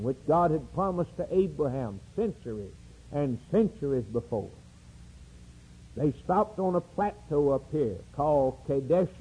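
A man preaching a sermon, rising to loud emphatic peaks and dropping to hushed low phrases. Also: breathy edge, low-quality recording. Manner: dramatic preaching with sweeping rises and drops.

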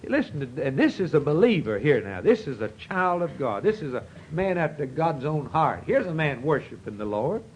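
A man's voice: fairly high pitch, big pitch swings, normal speed, few pauses, a little hiss or hum, rough recording. A man preaching a sermon in a folksy, earnest storytelling manner, with rising outbursts.

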